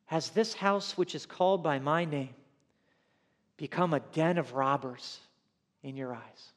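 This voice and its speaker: Male pastor giving a Bible-study sermon, high-pitched, animated, punches key phrases and drops to soft asides. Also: measured pace, long reverb tail. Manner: animated, swings from loud emphatic lines to soft asides. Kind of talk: expository sermon.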